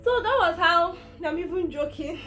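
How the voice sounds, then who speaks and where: High-voiced Nigerian woman telling her story. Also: lively intonation, moderate pace, fairly bright tone, soft background music. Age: young adult. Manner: emotional, rambling storytelling with many restarts. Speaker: vlogger. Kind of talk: personal health story told to camera.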